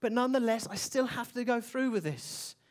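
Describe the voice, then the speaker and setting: A preacher voicing a stern male schoolteacher, firm and a little lower and quieter than the telling. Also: expressive, moderate pace, close to an everyday voice.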